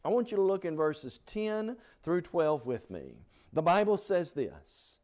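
A male preacher delivers a Bible study sermon in a church, his fairly high voice swinging widely as he quotes scripture. He leans hard into key words, climbing in pitch and force, then drops low to cite the chapter and verse. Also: sing-song, a little slow, a little mellow.

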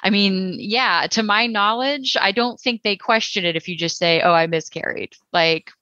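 A young woman from Texas talks through her points in a casual, opinionated way, leaning on fillers as she goes. Her voice is bright and forward. It comes through a dry, slightly dull podcast microphone. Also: medium pitch, normal speed, dry recording. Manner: chatty, many fillers, opinionated. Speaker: podcast co-host.

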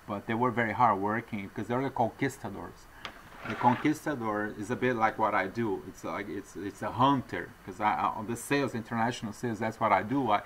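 A man's voice: lowish voice, a bit bright, slight background noise, poor audio. A man with a non-native English accent, talking to viewers in a digressive, earnest monologue with apologetic asides. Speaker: vlogger addressing viewers. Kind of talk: rambling off-the-cuff monologue.

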